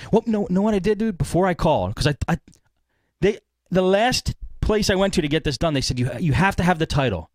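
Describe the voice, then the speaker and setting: Animated rambling man telling a story. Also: sits high, fairly quick, no room sound. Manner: rambling, animated retelling with acted-out quotes. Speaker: podcast host. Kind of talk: casual storytelling.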